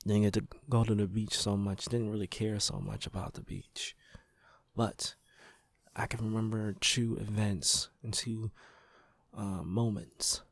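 A man hosting his own podcast, slowly and reflectively recalling a memory in a rambling, casual way. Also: fairly low pitch, no room sound. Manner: slow, reflective, rambling with pauses. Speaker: podcast host. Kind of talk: casual personal storytelling monologue.

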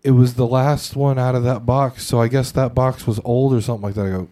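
A man's voice: mid-range voice, fairly even intonation, fairly quick, dark tone. A young man co-hosting a podcast, telling a story in a rambling, casual way with lots of fillers and swearing. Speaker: podcast co-host.

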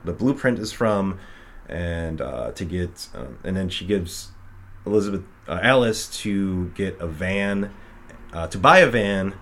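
A man's voice: low voice, animated, unhurried, a bit bright. A man casually retelling a film's plot with many fillers, often acting out the characters' lines. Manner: rambling, full of fillers, acts out quotes. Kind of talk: casual film recap chat.

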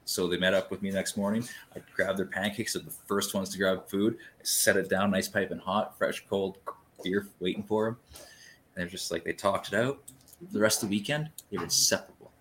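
With slight background noise, a man with a low voice talks a little fast as he casually tells a long story. He rambles, swears freely, and acts out the scene in a lively retelling.

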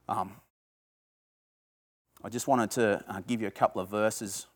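A man's voice: fairly low pitch, expressive, moderate pace, long pauses. A man preaching a sermon to a small group, talking conversationally, asking his listeners questions and building to emphatic bursts. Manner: asks the audience questions. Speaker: pastor.

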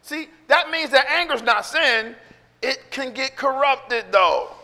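A man's voice: extremely high pitch, lively intonation, slow pace, pushed and bright, big-room sound. A middle-aged male pastor preaching a sermon in a conversational way, acting out quotes and laughing between points.

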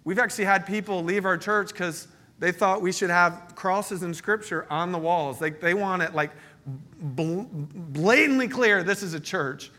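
A man's voice: sits high, measured pace, faint music behind. A man in his thirties preaching a sermon as pastor, joking and telling stories. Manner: storytelling, joking, animated. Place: church meeting space.

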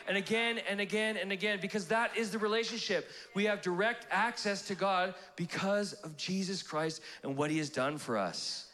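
A young adult man preaching a live church sermon, animated and playful, acting out prayers in comic voices. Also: high voice, moderate pace, few pauses. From Canada. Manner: animated, acts out prayers in funny voices, laughs often. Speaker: pastor. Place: church auditorium.

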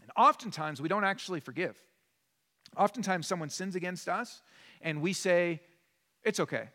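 A man's voice: sits high, moderate pace, pushed and bright, in a large hall. A male pastor preaching a sermon in an earnest, emphatic, conversational way. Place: church sanctuary.

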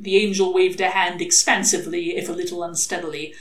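A woman reading a comic novel aloud, expressive and lively. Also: on the low side, brisk, hardly any pauses. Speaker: reader. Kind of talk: audiobook-style novel reading. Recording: echoey room.

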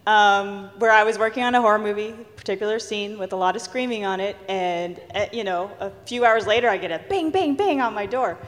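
Lively woman telling a story onstage. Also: mid-range voice, fairly quick, few pauses. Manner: animated, laughs often, acts out quotes. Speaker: panel guest, horror film composer. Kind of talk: live panel storytelling. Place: large convention stage hall. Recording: reverberant stage hall.

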